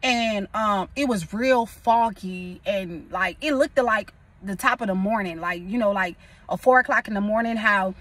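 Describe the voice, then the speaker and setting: A woman's voice: mid-range voice, moderate pace, fairly bright tone, far from the mic. A young woman from California, a prophetess, preaching casually and rambling, repeating phrases for emphasis.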